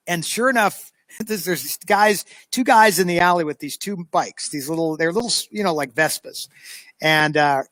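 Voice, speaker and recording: High-voiced animated man telling a story. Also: no echo. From United States. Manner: animated storyteller, lively re-enactment. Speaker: show host. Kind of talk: casual anecdote telling.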